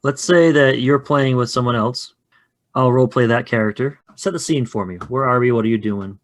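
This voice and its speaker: A man's voice: medium pitch, normal speed. Chatty podcast man running a game. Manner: chatty, laughs often, loose. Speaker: game facilitator. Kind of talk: casual actual-play chat.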